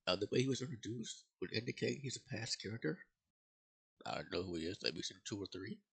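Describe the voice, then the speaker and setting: A man with a low, gravelly voice talks through a movie review in a loose, rambling way. His tone is bright and edgy, with a husky grain, and he swears freely between fillers. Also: expressive, fast talker. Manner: rambling, profane, with many fillers and restarts. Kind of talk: casual spoken movie review.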